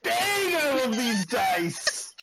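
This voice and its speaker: A man's voice: very high voice, very animated, very slow, very noisy. A man playing in a tabletop game, joking and laughing with the table. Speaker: player. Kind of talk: casual tabletop game play.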